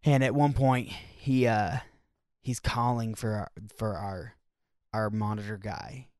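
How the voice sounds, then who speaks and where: A man's voice: on the low side, fairly even intonation, slow, a little mellow, no room sound, studio quality. A man telling touring stories in casual chat, rambling with lots of fillers. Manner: rambling with many fillers and restarts.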